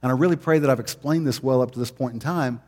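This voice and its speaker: A man's voice: mid-range voice, fast talker, darkish tone, in a large hall. Male pastor, mid-range voice, chatty storytelling sermon. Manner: conversational storytelling, laughs easily.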